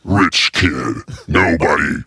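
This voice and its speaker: A man's voice: very deep voice, slow, very noisy. A man co-hosting a podcast, joking in a mock-announcer way. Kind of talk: casual podcast chat. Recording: loud music behind the voice.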